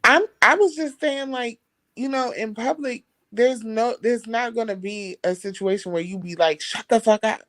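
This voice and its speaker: A woman's voice: on the high side, moderate pace, a bit bright, no echo. Woman panelist, emphatic and laughing, dry close mic. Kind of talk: casual group chat.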